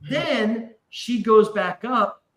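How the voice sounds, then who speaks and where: Very high-pitched and extremely slow, a man tells a wild story as a podcast guest in a rough, roomy recording. He keeps it casual and animated, swearing often and voicing the people in his tale.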